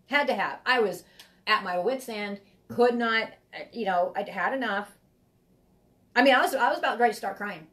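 A woman's voice: fairly high pitch, a bit bright. A woman giving a live tarot reading, talking in a rambling, heartfelt way and often repeating herself. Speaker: tarot reader.

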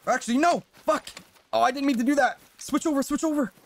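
A man streaming a hunting game, chatting casually and excitably with viewers and swearing now and then. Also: extremely high pitch, fast, slight background noise. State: briefly out of breath. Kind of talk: casual live-stream commentary.

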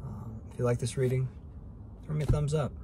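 Against a noisy background, a man in a mid-range voice moves briskly through a casual daily tarot reading. He thinks aloud in a relaxed way, consulting spirit on every card as he draws.

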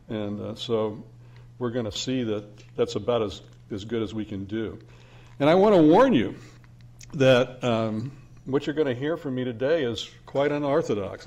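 A man's voice: medium pitch, a little mellow. An older man giving a conference lecture on finance, speaking with many hesitations and restarts and a dry, self-deprecating humor. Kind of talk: academic lecture.

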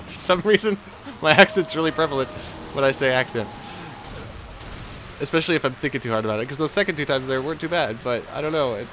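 A man with a Texan accent giving let's play commentary, excitable and yelping at crashes, rambling in self-deprecating asides. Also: medium pitch, background noise. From Texas. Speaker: gaming video host.

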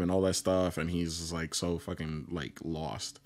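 A man's voice: sits low, little pitch movement, a little slow, few pauses, darkish tone. A man casually recapping an anime on a podcast, rambling with lots of "like" and acting out the characters' lines. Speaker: podcast co-host.

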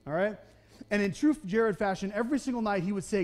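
A young man delivers a sermon in a church with a high-pitched voice. He talks in a conversational, self-deprecating way, often checking in with the congregation. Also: quick pace, a little mellow. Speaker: pastor. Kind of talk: sermon with personal storytelling. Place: church sanctuary.

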